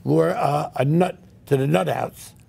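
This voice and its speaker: A man hosts a casual talk show, telling brash, joking stories. His voice is rough and gravelly with a husky edge, sitting a little high. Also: measured pace, warm tone. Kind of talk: casual chat.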